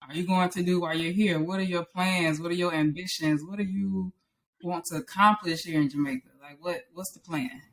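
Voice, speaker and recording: An interviewer speaks at a middle pitch and keeps the questions friendly and encouraging. The talk stays casual and easygoing throughout. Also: fairly even intonation, fairly quick, fairly bright tone.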